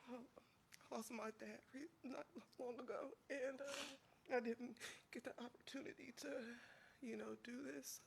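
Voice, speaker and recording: A tearful man giving an emotional eulogy as a family friend at a funeral, his voice breaking and his speech halting and full of fillers. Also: very high-pitched, fairly even intonation, vocal fry, slight background noise.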